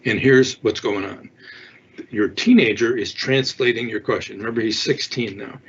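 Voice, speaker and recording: In a dull, lo-fi recording with faint noise, an older parenting expert answers viewer questions and gives conversational advice, acting out small sample dialogues. His voice is lowish and his pace normal.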